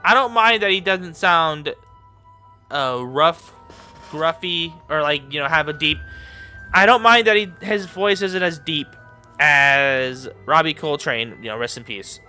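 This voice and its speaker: A man giving casual reaction commentary, rambling and repeating himself with lots of fillers, and quick to laugh and get excited. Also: fairly high pitch, faint music behind. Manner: gets excited and laughs easily. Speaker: YouTube commentator.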